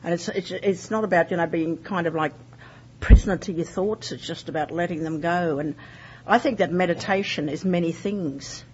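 A woman's voice: lowish voice, normal speed, a little mellow. A woman sharing her recovery story in a candid, rambling way, full of fillers. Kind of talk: personal testimony. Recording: dull lo-fi recording with faint noise.

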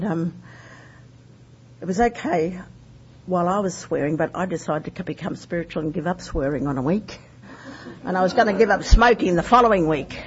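A woman sharing her recovery story in a candid, rambling way, full of fillers. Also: lowish voice. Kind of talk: personal testimony. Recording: dull lo-fi recording with faint noise.

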